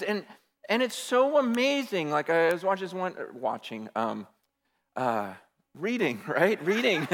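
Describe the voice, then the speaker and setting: Animated high-voiced male preacher, echoing hall. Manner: animated, stammering restarts, swings from hushed to loud. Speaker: pastor. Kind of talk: sermon. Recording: long hall reverb.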